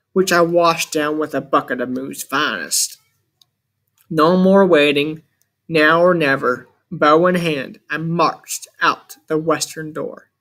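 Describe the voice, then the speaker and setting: A man reading a first-person adventure story aloud as an audiobook narrator, with measured, dramatic storytelling. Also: fairly high pitch, fairly bright tone.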